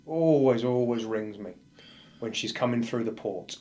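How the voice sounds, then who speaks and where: A male firefighter speaks at a moderate pace in a fairly low, darkish voice with fairly even intonation. He's a podcast guest, recounting a painful personal story with blunt vividness and acting out what people said.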